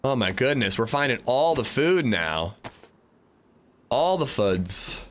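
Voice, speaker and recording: Male game streamer, casual chatter with viewers, lively pitch. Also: takes it slowly, a little hiss or hum. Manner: chatty, reads and answers chat. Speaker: gaming livestreamer. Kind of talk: casual gameplay commentary.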